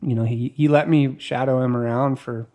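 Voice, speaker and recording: A man's voice: medium pitch, moderate pace. A man in his fifties from California, a surfer and filmmaker, telling stories casually and acting out the dialogue. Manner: animated, acts out dialogue, restarts often. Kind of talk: casual storytelling.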